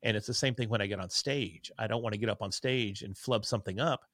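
A man in his forties, a podcast guest on a video call, telling candid stories in an earnest, energetic, self-deprecating way. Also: fairly low pitch, quick pace, no echo. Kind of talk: candid conversational storytelling.

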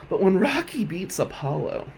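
A man telling a personal story on his podcast, heartfelt, moving between loud emphasis and quiet reflection. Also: sits high, very animated, measured pace, gravelly, slight background noise, low-quality recording. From South Jersey. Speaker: podcast host.

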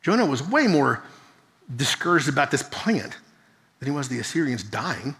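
A man's voice: mid-range voice, big pitch swings, normal speed, fairly bright tone. A man preaching a Bible-teaching sermon, earnest and explanatory, with rhetorical questions and occasional self-corrections. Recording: long reverb of a large hall.

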